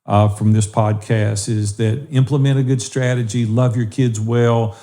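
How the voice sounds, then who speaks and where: A man's voice: medium pitch, steady tone, unhurried, mellow. A middle-aged man co-hosting a faith-based podcast, earnestly encouraging listeners. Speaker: podcast co-host.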